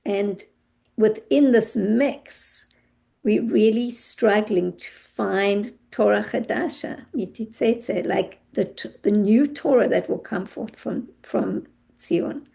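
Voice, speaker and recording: A woman's voice: medium pitch, slow, creaky, mellow. A woman teaching a class, speaking thoughtfully and searching for words with frequent restarts. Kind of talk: class discussion.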